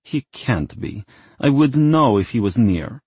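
A man's voice: medium pitch, lively intonation, unhurried, a little mellow, breathy edge, no echo, voice pushed up. A man voicing a proud, grieving mother who screeches her lines. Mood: indignant.

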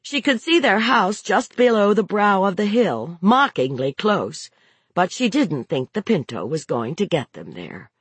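A woman's voice: mid-range voice, sing-song, unhurried, husky, no echo. A woman narrating a novel aloud in a dramatic, varied delivery. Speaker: audiobook narrator.

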